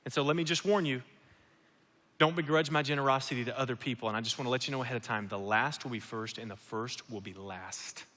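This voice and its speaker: A man voicing a gentle, patient Jesus, speaking softly and calmly to a listener in a sermon. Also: on the high side, fast, pauses often, lightly acted. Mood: warning. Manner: soft, calm, reassuring. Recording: long hall reverb.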